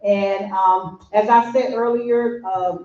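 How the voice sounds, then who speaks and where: A woman's voice: mid-range voice, steady tone, slow pace, dark tone. A woman with a Southern accent from Tennessee, hosting a community event and introducing speakers in a folksy, chatty way. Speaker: event host. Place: community hall. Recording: echoey, dull room recording from far off.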